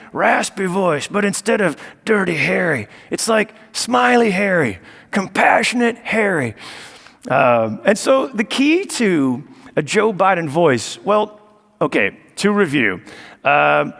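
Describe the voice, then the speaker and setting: A man's voice: fairly high pitch, lively intonation, a little slow, vocal fry, fairly bright tone, long reverb tail. A man performing a stand-up comedy set on stage, sarcastic with mock boasting. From United States. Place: stage of a live show venue.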